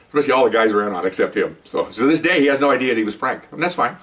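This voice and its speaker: A man's voice: mid-range voice, animated, very fast, a bit bright, distant mic. A man in his sixties, a retired police officer casually telling a rambling anecdote with many restarts. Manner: chatty and rambling, with frequent restarts.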